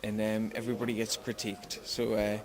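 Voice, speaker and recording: A young man with a Geordie accent from Newcastle, speaking slowly and carefully in an interview. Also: lowish voice, monotone. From Newcastle, England. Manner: slow, careful speech, tries to sound articulate. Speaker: fighter. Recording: crowd noise behind.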